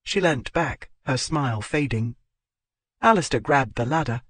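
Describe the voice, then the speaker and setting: A man narrating a historical romance audiobook in a steady, measured reading. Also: medium pitch, no room sound.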